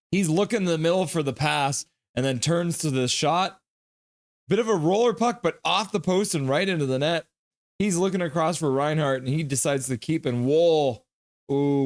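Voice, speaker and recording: A man with a slightly high voice calls a hockey game play-by-play on his live reaction stream. He talks briskly, with bursts of loud cheering. The sound is dry and close. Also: no room sound.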